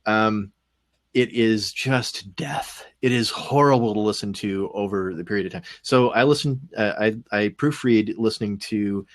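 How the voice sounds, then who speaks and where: A man with a Canadian accent talking casually on a podcast panel, rambling with many pauses and dry humor. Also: fairly low pitch. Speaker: podcast co-host.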